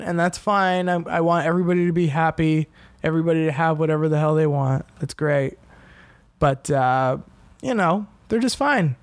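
Man, comedian and podcast host, slightly high voice, rambling, profane, self-mocking, dry close sound. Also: no room sound. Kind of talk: casual solo podcast monologue.

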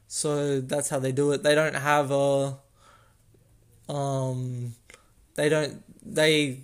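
A man hosting a casual solo podcast, recorded on a phone, explaining things in a slow, rambling way and correcting himself as he goes. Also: fairly high pitch. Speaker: podcast host.

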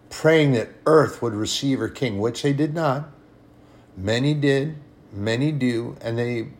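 A man preaching a sermon with emphatic delivery, swinging between hushed and raised passages. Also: medium pitch.

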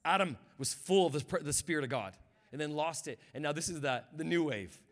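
With a fairly high pitch and a brisk delivery, a man preaches as guest pastor. His sermon grows from soft reflection into shouted fervor as he pushes the congregation to respond.

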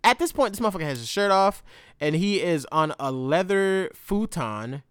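A man telling a podcast story in a casual, slangy monologue, with a lively pitch that jumps up and down. He swears freely and moves from loud bursts to low mumbles. The recording is close and dry, with no room sound. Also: moderate pace, clean tone, dry recording. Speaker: podcast host.

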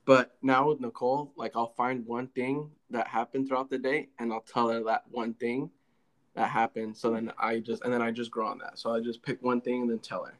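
An easygoing man hosting a casual podcast conversation, asking questions of his guests. His voice sits at an ordinary middle pitch. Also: flat delivery, moderate pace. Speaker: podcast host. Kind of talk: casual chat.

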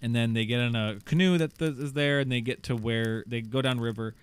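A man casually recapping a movie plot on a podcast, rambling and animated, swearing and acting out lines of dialogue. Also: medium pitch, brisk, smooth. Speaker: podcast co-host.

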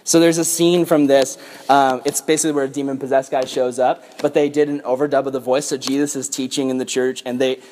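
A man's voice: medium pitch, little pitch movement, fairly quick, darkish tone, a little hiss or hum. A man teaching a casual Bible lesson to young people as their youth pastor, joking around and rambling between verses.

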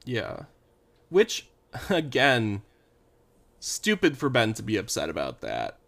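A man co-hosting a casual podcast, talking through a TV episode. He rambles, circles back and leans on "like" as he goes. His voice sits at an ordinary pitch. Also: wildly swooping pitch, slow, gravelly, fairly bright tone. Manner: rambling, with frequent "like" fillers and sighs. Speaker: podcast co-host. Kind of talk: casual chat recapping a TV show.

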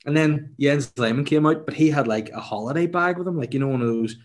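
A young man, telling a funny story in casual chat, animated and laughing, swearing freely. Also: on the high side, fast.

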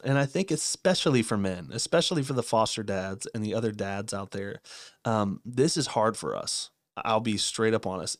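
A man's voice: lowish voice, no room sound, clean studio sound. A man in his thirties co-hosting a casual parenting podcast, candid and earnest, laughing at his own shortcomings. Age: 30s. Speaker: podcast co-host.

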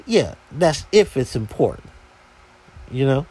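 A man's voice: mid-range voice, expressive, a little slow, darkish tone. A man hosting a podcast, telling a story in a casual, slangy, exasperated way. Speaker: podcast host.

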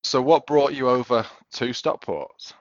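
A man hosting an interview, friendly and gently teasing his guest. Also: medium pitch, measured pace. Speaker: podcast host. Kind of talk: casual interview chat. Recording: dull lo-fi audio.

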